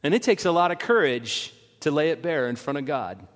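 A man's voice: fairly high pitch, a little fast. Man preaching in a reverberant hall. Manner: animated, acts out quoted voices with rising intensity. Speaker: pastor. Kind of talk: sermon. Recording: long reverb in a large hall.

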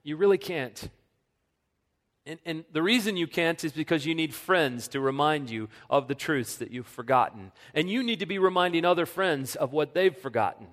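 Male pastor, earnest sermon delivery, slightly high voice, long church-hall reverb, hushes for quoted lines. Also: normal speed. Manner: earnest, drops to a soft hush when quoting God.

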